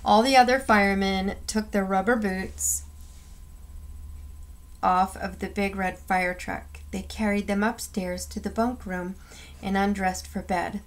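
A woman reading a children's picture book aloud, acting out the sound effects with expression. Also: mid-range voice. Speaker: storyteller.

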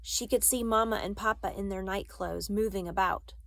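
A woman narrating a children's novel in a measured, expressive reading voice. The recording is very dry and close, with a mid-range pitch. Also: gravelly, dry recording. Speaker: audiobook reader.

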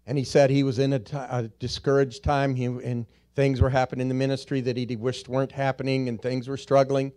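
A man preaching a church sermon, slowly drawing out key words, rising to loud emphatic peaks and dropping to quiet, low stresses. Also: little pitch movement. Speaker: pastor. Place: church sanctuary.

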